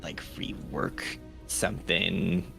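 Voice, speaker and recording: A man talking as a player at a tabletop game, hesitant and halting as he searches for words. His voice is very low and gravelly. He trails off and restarts often. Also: steady tone, over music. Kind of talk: casual tabletop play.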